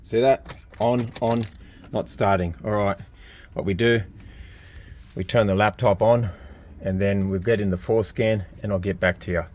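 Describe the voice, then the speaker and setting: A man's voice: lowish voice, fairly even intonation, unhurried, pauses often, noisy background. A man with an Australian accent talking casually while he tunes a car, blunt and rambling, swearing freely. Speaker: car tuner vlogger. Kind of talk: casual vlog talk while working on a car.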